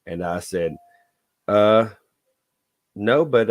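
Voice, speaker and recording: A man's voice: low voice, lively intonation, a little slow. Blunt folksy man with a drawl. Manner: blunt, folksy, lecturing the audience with repeated "okay?". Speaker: dating advice vlogger. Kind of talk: casual storytelling monologue.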